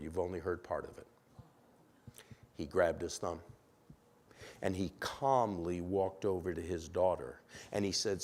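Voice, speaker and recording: A man preaching a sermon in a church, telling a story with lively acted-out quotes and questions to the congregation. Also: low-pitched, moderate pace, slight background noise. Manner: animated storyteller, acts out quoted voices, asks congregation. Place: church sanctuary.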